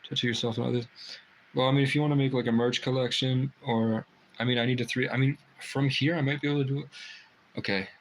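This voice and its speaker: A man chatting on a casual livestream, talking at a mid-range pitch as he rambles from one thought to the next and swears freely. His voice is picked up indoors in a private room over a faint background hiss. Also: fairly even intonation, fast, rough recording. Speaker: livestream host.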